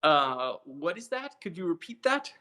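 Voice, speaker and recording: A man's voice: fairly high pitch, very animated, unhurried, bright, forceful tone. A young man co-hosting a podcast in casual chat, joking and teasing his friend. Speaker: podcast co-host.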